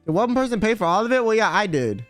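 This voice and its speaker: A man's voice: high voice, big pitch swings, fast talker, fairly bright tone, faint music behind. A man streaming, telling a story in a rambling, slangy way and swearing freely. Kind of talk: casual chat storytelling.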